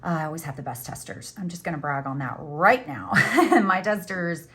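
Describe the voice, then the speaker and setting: A woman's voice: fairly low pitch, animated, normal speed, fairly bright tone. A middle-aged woman hosting a crochet tutorial, chatting casually and teasing herself while she works. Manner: chatty, self-teasing, says "y'all".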